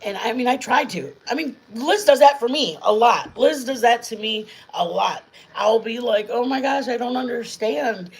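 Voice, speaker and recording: A woman's voice: a little high, lively intonation, normal speed, hardly any pauses, husky, poor audio. Chatty middle-aged woman hosting a stream. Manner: chatty, rambling, warm toward viewers. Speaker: channel host. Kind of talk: casual chat while cooking, live stream. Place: home kitchen.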